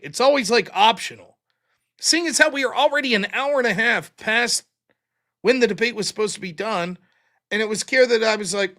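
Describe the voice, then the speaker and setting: A man's voice: high-pitched, fairly quick, pushed and bright. A man hosting a livestream, venting in a casual, exasperated way with plenty of swearing and reading out viewer donations. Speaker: livestream show host.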